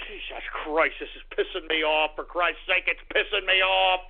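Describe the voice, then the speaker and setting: A man hosting a call-in radio show, ranting angrily and swearing with a profane shouting manner. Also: on the high side, fairly even intonation, normal speed, vocal fry, hardly any pauses. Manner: angry, profane shouting rants. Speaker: radio host. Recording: tinny lo-fi radio sound.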